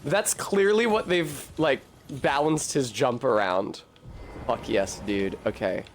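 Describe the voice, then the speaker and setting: A man's voice: mid-range voice, takes it slowly, a little hiss or hum. A man giving casual, profane, jokey commentary while playing a game on stream.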